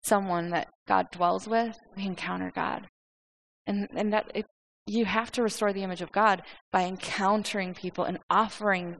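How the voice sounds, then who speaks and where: A woman preaches in a loose, conversational manner. She speaks at a medium pitch, restarts often and repeats words as she goes. The delivery is animated and informal. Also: vocal fry, rough recording. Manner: animated, conversational, acts out quoted speech. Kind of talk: informal sermon.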